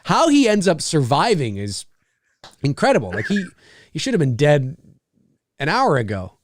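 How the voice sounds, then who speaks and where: A man hosting a casual movie watch-along podcast, chatty and excitable. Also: on the high side, normal speed. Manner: chatty, excitable, many restarts. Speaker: podcast host.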